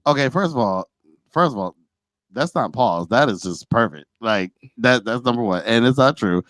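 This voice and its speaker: A man, co-hosting a casual podcast. He banters, jumps between mumbling asides and shouted protests, and is a teacher. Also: mid-range voice, normal speed, no room sound. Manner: animated, rises to shouting when teased. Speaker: podcast co-host.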